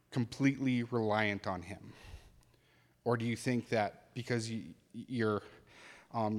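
Earnest male pastor in a reverberant hall. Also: fairly low pitch. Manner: earnest, conversational preaching with animated asides. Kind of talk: sermon.

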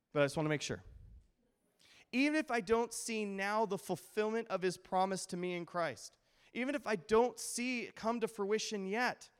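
A man's voice: high voice, clear, resonant tone. A middle-aged male pastor preaching a sermon, telling stories and acting out quotes with animation. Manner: animated storytelling with acted-out quotes.

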